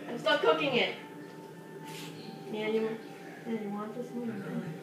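A young woman vlogging casually while cooking at home, playful and quick to shout back. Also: a little high, recorded from a distance, crowd noise. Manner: playful, loud bursts of yelling back. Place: home kitchen. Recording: echoey kitchen, loud background noise.

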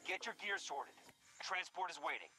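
A man playing a high-voiced military briefing officer. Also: lively intonation, moderate pace, music in the background, lightly acted. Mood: commanding. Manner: commanding, clipped. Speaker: in-game announcer.

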